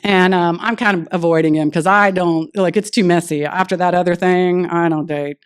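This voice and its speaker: A woman's voice: lowish voice, moderate pace, clear, resonant tone. Woman telling her recovery story. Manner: lively storytelling, acts out quoted dialogue. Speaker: AA speaker. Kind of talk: personal recovery story at a meeting. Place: meeting room.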